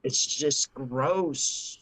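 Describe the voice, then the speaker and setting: A woman's voice: extremely low pitch, no room sound. A woman co-hosting a casual chat podcast, crude and cutting in her remarks. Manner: slow, drawn-out, crude and cutting. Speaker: podcast co-host.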